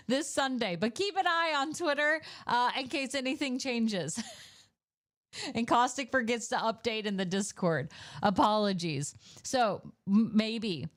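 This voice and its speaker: A young woman streamer chatting casually at the end of a stream, playful and talkative. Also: on the high side. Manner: chatty and playful, baby-talks to her dog.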